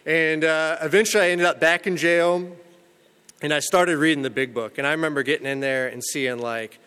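A man tells his own recovery story candidly, his speech rambling and studded with "you know" and "man." His voice sits a bit high and rings bright and smooth. He mocks himself as he talks about a dark past. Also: fairly even intonation, normal speed, big-room sound. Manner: self-mocking humor about a dark past.

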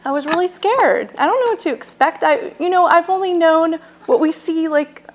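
A woman's voice: extremely high pitch, poor audio. Candid woman sharing her recovery story. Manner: candid, halting, full of "like" and "you know". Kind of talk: personal testimony.

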